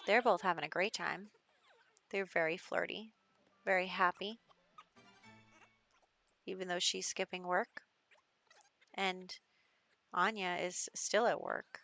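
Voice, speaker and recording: A woman's voice: lowish voice, steady tone, slow pace, creaky, long pauses, a bit bright. A young woman casually narrating her gameplay as the show's host, telling the story in a chatty way with fillers. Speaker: gaming video host.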